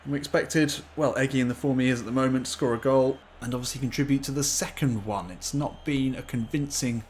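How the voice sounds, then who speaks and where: Guy doing play-by-play on his football game, excitable, mid-pitched voice, faint hiss behind. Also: a little fast. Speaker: gaming YouTuber. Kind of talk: gameplay commentary.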